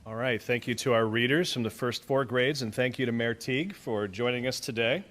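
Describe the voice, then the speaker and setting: A man's voice: medium pitch, brisk, a bit bright. A man emceeing a student writing awards ceremony on an auditorium stage, making polite, formal introductions. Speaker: event emcee. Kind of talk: ceremony announcing.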